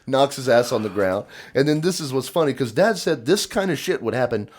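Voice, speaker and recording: This podcast host is a man with a medium-pitched voice who talks fairly quickly. He tells stories in a casual chat, animatedly acting out the voices of the people involved and laughing often.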